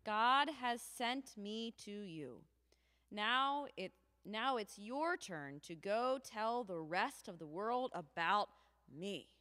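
A woman reading a calm, gentle storybook man. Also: mid-range voice, slow pace. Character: calm, gentle grown man speaking peace. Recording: long church reverb.

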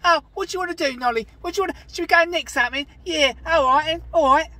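A woman's voice: high-pitched, very fast, pushed and bright, no room sound, far from the mic, pitched above the performer's own voice. A woman voicing a cheeky Cockney street urchin, brash and chirpy in an exaggerated way.

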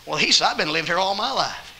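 Man, Southern accent, evangelist sermon, folksy storytelling, very bright tone, animated pitch. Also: fast talker, a little hiss or hum, rough recording. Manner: folksy anecdotes, quoting himself and others, bursts of loud emphasis. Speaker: evangelist preacher. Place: church auditorium.

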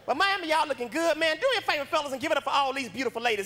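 A male stand-up comedian with an unusually high voice, doing a brash, profane, self-mocking routine on a comedy club stage. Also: rapid-fire, few pauses, over a noisy crowd, very noisy.

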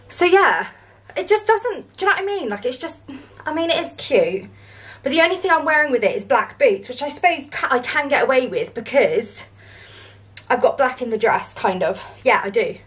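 A woman's voice: sits high, expressive, moderate pace, a bit bright. A British woman vlogging casually to camera, blunt, self-mocking and swearing constantly. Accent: British English. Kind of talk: casual vlog chat to camera.

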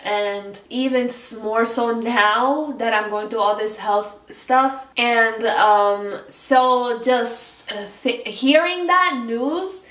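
A woman with a somewhat high voice chats on a couple's vlog. She speaks softly and hesitantly, sitting back from the mic in a room that echoes. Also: slow pace, hardly any pauses, recorded from a distance. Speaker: vlog co-host. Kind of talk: casual couple vlog chat.

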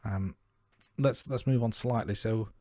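A man co-hosting a film review podcast, talking through his notes in a measured, casual way. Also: fairly low pitch, warm tone, dry recording, clean studio sound. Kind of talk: casual chat.

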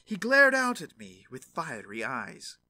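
A man's voice: fairly high pitch, wildly swooping pitch, unhurried, bright, forceful tone, no echo, exaggerated voice. A man voicing a frightened fox in a fairy tale reading. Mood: alarmed. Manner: alarmed, urgent.

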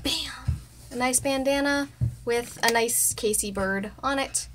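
A woman vlogging casually about a craft project, playful and excitable, joking to the camera. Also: a little high, measured pace, noisy background.

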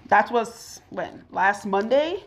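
A woman's voice: mid-range voice, lively intonation, takes it slowly. A woman chatting with her viewers while she works on a client's hair, now and then out of breath. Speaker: loctician vlogger. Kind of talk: casual chat while working on hair. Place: hair salon in a home.

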